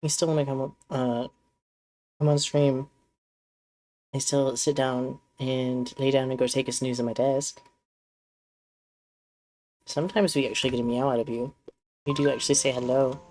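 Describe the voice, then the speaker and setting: A chatty streamer rambles through a live game session in a middle-pitched voice, stopping to talk fondly to a pet cat. Light game music plays faintly underneath. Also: darkish tone.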